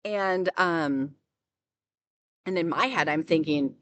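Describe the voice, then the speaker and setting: A woman recounting a personal experience as an unscripted testimony, halting and full of restarts. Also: fairly low pitch, animated, fairly bright tone. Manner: halting, with many restarts and fillers. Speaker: survivor telling her story. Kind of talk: personal testimony, casual storytelling.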